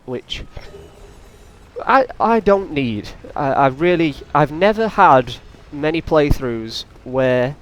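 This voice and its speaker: A man's voice: fairly high pitch, animated, slow pace. Chatty man doing let's play commentary. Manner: casual, rambling, taunts enemies on screen. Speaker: gaming channel host.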